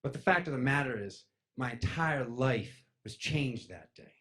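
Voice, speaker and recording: A young man telling a personal story to an audience, acting out the voices of his friends and jumping from loud, high outbursts down to low mutters. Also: normal speed. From East Coast of the United States. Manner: lively, acts out friends' voices, jumps loud and high then drops to a mutter.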